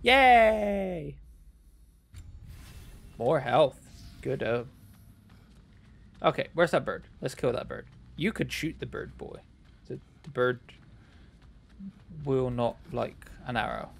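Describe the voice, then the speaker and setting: A man's voice: medium pitch, slow pace, creaky, pauses often, slight background noise. A man giving sarcastic, chatty commentary while playing a video game and talking back to its characters. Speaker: let's play gamer. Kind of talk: casual gameplay commentary.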